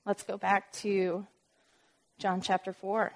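A woman leading an informal Bible lesson at a medium pitch. She reads verses aloud with added weight, then breaks into chatty explanations and asides. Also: flat delivery, slow pace. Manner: reads scripture aloud with emphasis. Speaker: Bible teacher.

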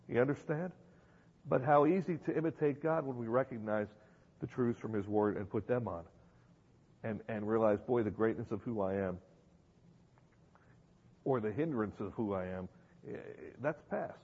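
A man's voice: on the high side, moderate pace, creaky, pauses often, husky. A man preaching a sermon to a congregation, emphatic and given to repeating phrases and asking rhetorical questions. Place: church hall with an audience. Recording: dull lo-fi recording in a reverberant hall.

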